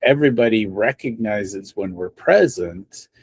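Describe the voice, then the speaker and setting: Podcast host guy, low husky voice, short agreeing replies, dry close sound. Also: lively intonation, a little slow, no echo. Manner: brief affirmations, attentive. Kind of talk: podcast interview.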